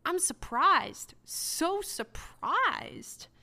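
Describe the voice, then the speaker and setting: A woman's voice: high voice, huge pitch swings, a little slow, a bit bright, full character voice. A woman voicing a betrayed, self-righteous husband in a mocking, indignant reading.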